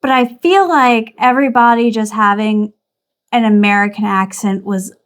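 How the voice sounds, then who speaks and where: Female co-host, high-pitched, rambling and chatty. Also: fairly even intonation, normal speed. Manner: chatty, fills with "like". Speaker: movie review co-host. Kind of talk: casual chat.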